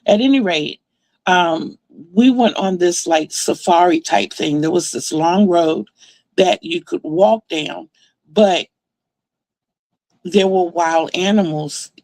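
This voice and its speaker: A woman's voice: fairly low pitch, slow, a little mellow, dry recording. A woman vlogger telling a story in a casual, chatty way, with lots of fillers and laughs between her sentences. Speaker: crafting vlogger. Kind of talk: casual storytelling about a dream.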